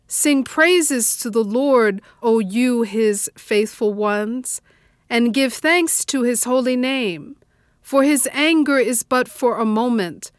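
Woman lector, slow and measured, higher voice, dry close sound. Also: no room sound. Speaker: scripture reader. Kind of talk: liturgical scripture reading.

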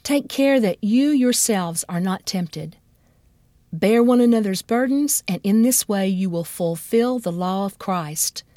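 Woman lector, steady and formal, mid-pitched, dry close sound. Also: a little slow, no room sound. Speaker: scripture reader. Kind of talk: liturgical scripture reading.

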